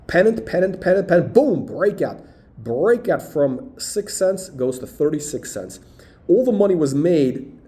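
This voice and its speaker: A man walking through stock charts, talking emphatically and punctuating points with "boom" and "okay". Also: big pitch swings, moderate pace, warm tone. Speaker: stock market commentator. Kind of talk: chart walkthrough video.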